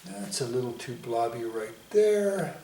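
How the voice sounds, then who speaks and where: A man giving a painting lesson, talking himself through each stroke in an unhurried, self-commenting way. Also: medium pitch, very animated, mellow. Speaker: painting instructor. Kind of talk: painting demonstration. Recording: echoey room, mic at a distance, faint hiss.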